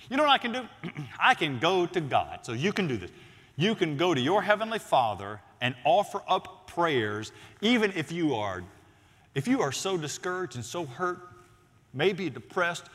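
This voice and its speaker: A man preaching a sermon as a pastor, swinging between loud emphatic lines and near-whispered ones. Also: fairly high pitch, big-room sound.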